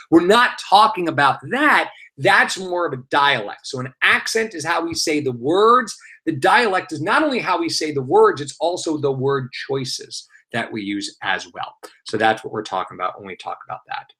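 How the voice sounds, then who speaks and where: A man's voice: fairly high pitch, sharp tone. A male teacher with a New York accent, running a live online exam review and explaining terms through rhetorical questions and many filler sounds.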